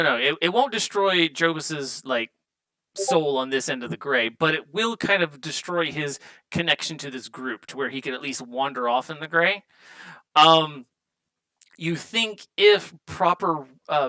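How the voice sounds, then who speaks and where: A man's voice: fairly high pitch, sharp tone, no echo, low-quality recording. A man narrating as game master, describing scenes in a loose, rambling way with many fillers.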